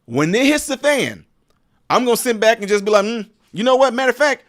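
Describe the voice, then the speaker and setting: Emphatic high-voiced man. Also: big pitch swings, brisk, fairly bright tone. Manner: emphatic, preachy, talks directly to viewers. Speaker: political commentary host. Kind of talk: live-stream commentary.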